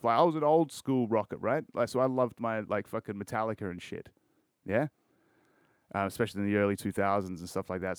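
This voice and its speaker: A man's voice: on the low side, darkish tone, dry recording, studio quality. An Australian man hosting a solo podcast, rambling in casual chat with lots of swearing and crude jokes. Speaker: podcast host.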